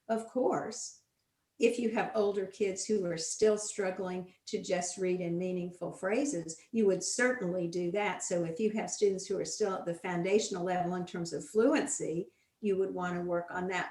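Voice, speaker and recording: A woman's voice: medium pitch, darkish tone. Woman educator in an echoey room. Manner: explanatory, emphatic with repetition. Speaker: guest literacy educator. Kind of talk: conversational teaching talk. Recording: roomy echo.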